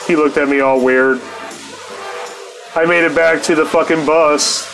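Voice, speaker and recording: A man's voice: a little high, fairly even intonation, normal speed, pauses often, fairly bright tone, soft background music. A man telling a rambling, profane personal story in a casual way, often laughing between lines.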